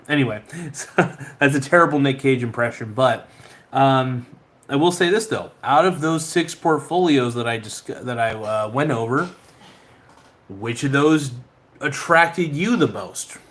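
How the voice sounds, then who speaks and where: A man's voice: medium pitch, lively intonation, measured pace, a bit bright. Laid-back man rambling on a podcast. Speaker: podcast host. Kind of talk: casual chat reading viewer comments.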